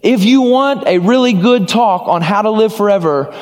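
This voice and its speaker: A man's voice: sits high, animated, moderate pace, a little mellow, in a large hall. A man preaching a sermon as pastor, earnest, acting out short dialogues as he speaks.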